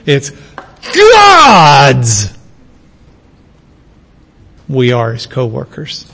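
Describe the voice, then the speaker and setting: A man's voice: medium pitch, wildly swooping pitch, very slow, vocal fry, pushed and bright, in a large hall, slight background noise. A man from the United States giving a classroom lecture on biblical languages, emphatic and repeating key words for stress.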